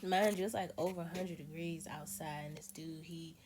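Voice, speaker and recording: Woman, lowish voice, casual vlog storytelling, soft-spoken, hesitant, faint background noise. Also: fairly even intonation, moderate pace. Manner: soft-spoken and hesitant, holding back emotion. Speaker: vlogger.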